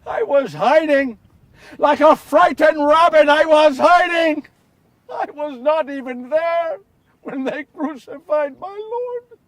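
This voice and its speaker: An actor playing the remorseful apostle Peter in a confessional first-person monologue, moving between hushed and impassioned. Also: male voice, very high-pitched, slow pace, dry recording, distant mic. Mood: anguished. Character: Simon Peter, remorseful grown man apostle. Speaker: actor in a one-man biblical portrayal.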